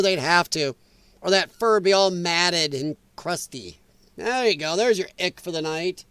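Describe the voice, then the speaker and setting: A man's voice: high-pitched, clean tone, no room sound. A man hosting a casual reaction stream, laughing often and chatting loosely. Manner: laughs often, slow and relaxed. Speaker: host reacting to clips.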